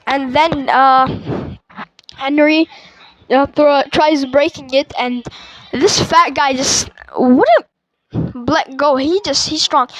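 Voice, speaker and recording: A high-pitched woman talks slowly through a movie plot in a loose, rambling way, stopping on fillers and starting over. The recording is close and dry, with no room sound. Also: a bit bright, no echo, rough recording. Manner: rambling, with many fillers and restarts. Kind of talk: casual movie retelling.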